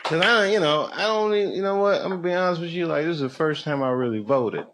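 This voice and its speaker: A middle-aged man from the United States works a live comedy stage. He speaks a little higher than most men and tells his story with sudden swings from quiet asides to loud bursts. The live recording carries a steady bed of noise and audience laughter. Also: fast. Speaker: stand-up comedian. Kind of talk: stand-up comedy set. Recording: noisy live show recording.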